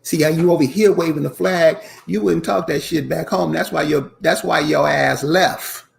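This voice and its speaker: On the high side with a steady tone, normal speed, and vocal fry, this channel host rants casually to viewers. He's emphatic and preachy, repeats what he says, and addresses his audience directly as "y'all."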